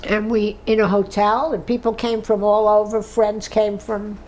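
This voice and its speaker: A woman's voice: medium pitch, level tone, unhurried, a little mellow, slight background noise, poor audio. A woman in her nineties giving an oral history interview, emotional and tearful, reminiscing with restarts. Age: 90s. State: crying.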